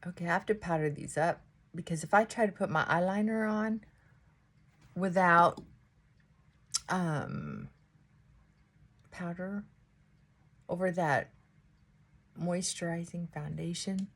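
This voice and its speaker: A woman's voice: lowish voice, slow, long pauses. A middle-aged woman chatting casually to viewers while she does her makeup at home. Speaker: beauty vlogger. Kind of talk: casual get-ready-with-me chat.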